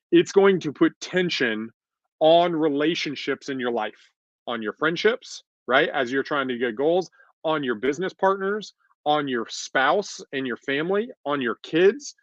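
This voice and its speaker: A man's voice: on the high side, a bit bright, no echo. A man casually talking on a podcast, making points with emphatic repetition. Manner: emphatic, repeats points, acts out quoted voices. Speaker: podcast co-host. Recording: dull lo-fi dry recording.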